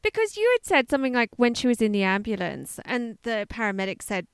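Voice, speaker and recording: A woman's voice: on the high side, a little fast, smooth, no echo. A woman in her thirties co-hosting a podcast, wondering aloud in casual chat. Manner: animated, laughs often, wonders aloud. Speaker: podcast co-host.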